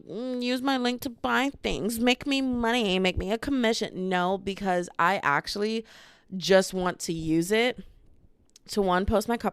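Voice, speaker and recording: A woman's voice: medium pitch, clear, resonant tone, dry recording, studio quality. A woman in her twenties hosting her own podcast at home, talking casually and rambling from topic to topic into a small camera. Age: 20s. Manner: rambling, chatty, jumps between topics. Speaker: podcast host. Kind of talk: casual solo podcast chat. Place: at home, indoors. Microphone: small handheld camera.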